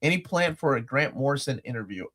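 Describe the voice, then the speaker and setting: A man co-hosting a casual chat livestream, talking in a rambling, jokey, animated way. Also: mid-range voice, quick pace. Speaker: livestream co-host.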